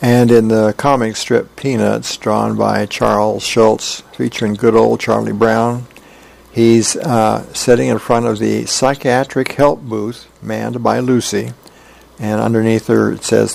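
A man volunteering as a radio reader, reading newspaper comics aloud in a plain, unhurried way. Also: lowish voice, level tone, vocal fry, a little mellow. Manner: plain, unhurried storytelling with small fillers.

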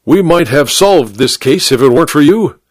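A man performs the voice of a pompous, indignant judge who turns cold and flustered, pitching himself above his natural voice. His delivery is animated, on the high side, and at a normal speed. The recording is dry, with clean studio sound.

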